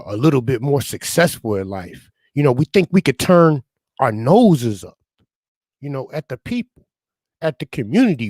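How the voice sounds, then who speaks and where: Man, talk radio panelist, fiery preachy commentary, mid pitch, dry close sound. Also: no echo. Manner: preachy, repeats "you know, man". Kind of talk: impassioned political commentary. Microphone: studio microphone.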